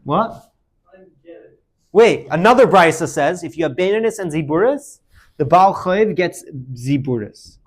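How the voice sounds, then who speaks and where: A man teaching Talmud to a class, animated, calling on students by name and quizzing them. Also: on the high side, a little slow.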